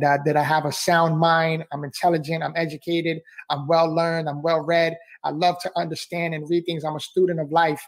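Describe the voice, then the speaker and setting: A man with a high-set voice talks with fervent, motivational energy as a podcast guest. He circles back on his phrases and keeps calling the host bro and man.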